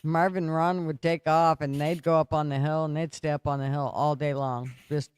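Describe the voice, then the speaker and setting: A man's voice: fairly high pitch, flat delivery, moderate pace, clean tone, no room sound. A man telling family stories in a chatty, casual podcast conversation, laughing as he talks. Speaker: podcast co-host. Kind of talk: casual storytelling chat.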